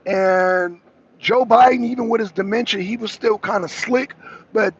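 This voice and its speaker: A man's voice: high-pitched, fairly even intonation, moderate pace, breathy edge. A man co-hosting a political talk show, giving heated, rambling commentary full of restarts and asides. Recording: dull lo-fi audio.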